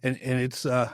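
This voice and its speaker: A man hosting an interview podcast in casual chat, talking haltingly with many restarts. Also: medium pitch, no echo, studio quality. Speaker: podcast host.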